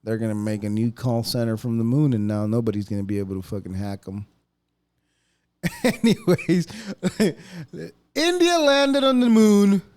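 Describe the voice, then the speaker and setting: A man's voice: on the low side, wildly swooping pitch, normal speed, dark tone. A man hosting a podcast, ranting casually in a profane, mocking way. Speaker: podcast host. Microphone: podcast mic.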